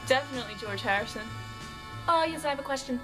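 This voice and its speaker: A woman's voice: high voice, animated, fast talker, music in the background, poor audio. A young woman vlogger chatting casually through a fan question list, rambling and a bit shy.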